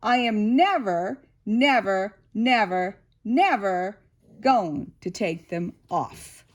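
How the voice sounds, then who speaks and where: A woman doing an excited stubborn little girl. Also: mid-range voice, takes it slowly, dull audio. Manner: eager, sing-song, insistent.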